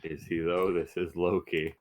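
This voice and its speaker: Man, tabletop player, somewhat low voice, wry, casual, skeptical. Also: flat delivery, measured pace, background noise. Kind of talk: casual chat.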